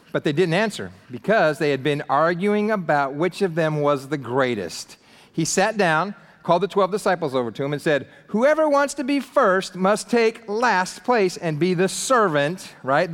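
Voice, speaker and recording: A man preaching with a fairly high voice, bouncing into quick put-on voices for the people in his story. His words carry a long reverb from a large hall around him. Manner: animated, acts out quoted voices, casual slang. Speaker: pastor. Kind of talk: sermon.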